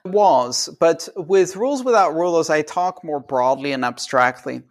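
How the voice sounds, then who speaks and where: A man's voice: on the high side, normal speed. A man interviewed as a guest, explaining ideas in simple terms and briefly acting out the voices of people he quotes. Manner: animated, acts out quoted people.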